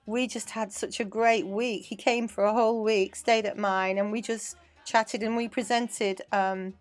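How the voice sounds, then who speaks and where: Middle-aged English woman, dance teacher guest, animated storyteller. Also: medium pitch, measured pace. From England. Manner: chatty, animated anecdotes. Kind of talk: casual interview storytelling.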